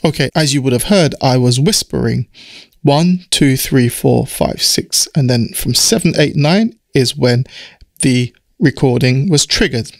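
Man, croaky voice, relaxed step-by-step software tutor, dry close mic. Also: mid-range voice, measured pace, dry recording. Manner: explanatory, step-by-step, relaxed with fillers. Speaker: music production tutor. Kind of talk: screen-recorded software tutorial. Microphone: studio mic through audio interface.

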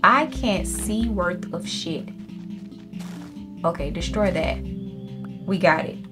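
Speaking slowly in a lowish voice, a gaming channel host gives chatty, foul-mouthed let's-play commentary while talking right to her audience. Faint game music sits in the background.

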